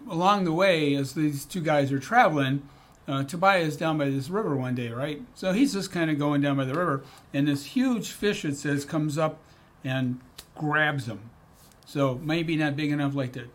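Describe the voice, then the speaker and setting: Deacon, middle-aged man, fairly high voice, chatty storytelling reflection with asides. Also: fairly bright tone, breathy edge. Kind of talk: casual daily scripture reflection.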